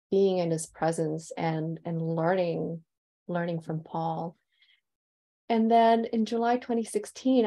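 A woman's voice: fairly low pitch, mellow. A woman calligraphy teacher telling her story in a heartfelt, enthusiastic presentation over a video call.

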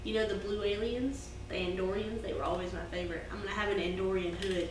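A woman's voice: mid-range voice, fairly even intonation, fast, recorded from a distance. A young woman, chatting playfully and eagerly with her mother and often saying "like". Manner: playful, enthusiastic, says "like" a lot. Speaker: host's daughter. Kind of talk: casual family chat. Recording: echoey room, off-mic, with background noise.

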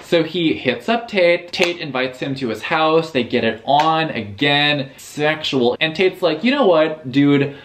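Animated, profane young man recapping a book. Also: on the high side, unhurried, hardly any pauses. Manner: animated, profane, sarcastic retelling with mock character voices. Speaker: book reviewer. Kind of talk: casual book recap vlog.

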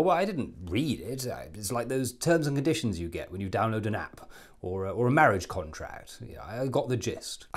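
A man doing a satirical impression of a bumbling, smug British prime minister, blustering through a comic monologue with chuckling self-mocking asides. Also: fairly low pitch. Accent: English.

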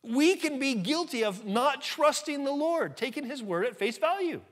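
Man, pastor, sermon, high-pitched, emphatic, rhetorical questions. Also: expressive, normal speed, fairly bright tone.

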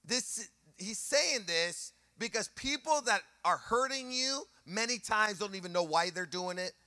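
A male pastor delivers an impassioned sermon in a high, bright, ringing voice. He repeats phrases for emphasis and lifts his lines into a sung, rhythmic preaching cadence. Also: expressive, a little slow, dry recording, clean studio sound.

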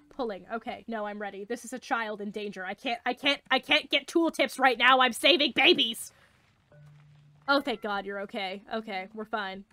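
A woman's voice: a little high, normal speed, sharp tone. A young woman doing playthrough commentary, playful and jokey, swearing freely and putting on silly voices as she reads the game's lines aloud. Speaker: let's player.

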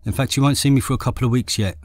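A man's voice: fairly even intonation, racing, no echo, lightly acted. Man voicing an anxious caring sister. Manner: higher, brighter voice. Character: woman, the narrator's sister, caring but doubtful.

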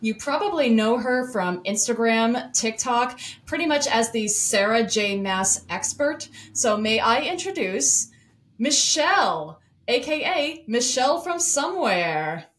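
A woman hosting a casual book podcast, chatty and quick, often restarting her sentences. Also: fairly high pitch, animated, a bit bright, reverberant. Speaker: podcast host. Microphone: remote recording software.

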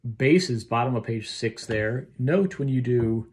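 A man's voice: mid-range voice, lively intonation, unhurried, a little mellow, faint music behind. A man leading a choir rehearsal lesson, explaining phrasing and pronunciation and singing short bits of the lines. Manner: talks through phrasing, sings snippets of the text; ends points with a questioning okay. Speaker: choir director.

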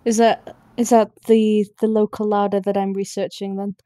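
A woman's voice: medium pitch, flat delivery, normal speed, dark tone, no echo, clean studio sound. A young woman with a northern English accent co-hosting a podcast in an easygoing, casual way. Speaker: podcast co-host. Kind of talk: casual chat.

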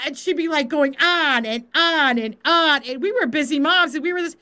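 Animated high-voiced woman Bible teacher. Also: moderate pace, few pauses. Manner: animated, laughs, acts out quotes. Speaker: faith coach and Bible teacher. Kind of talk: informal live-stream Bible teaching.

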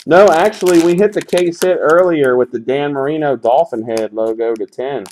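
A man's voice: on the high side, moderate pace, hardly any pauses, a little mellow. A man hosting a live sports card break, calling out pulls in a sarcastic, grumbling, profane way.

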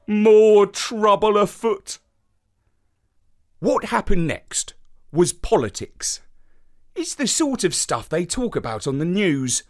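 A man reading a children's bedtime story aloud in a dry, measured way. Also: medium pitch, fairly bright tone.

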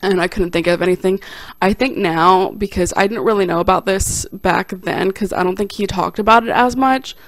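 Young woman, vlog storytime, gravelly fry, dry close mic, animated self-deprecating. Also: medium pitch, moderate pace, no room sound. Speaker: vlogger and stand-up comic. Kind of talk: casual storytime.

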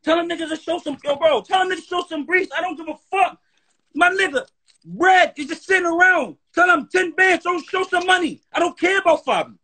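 Very high-voiced and brisk, this livestream guest launches into an animated, profane rant. He keeps checking in with "you heard?".

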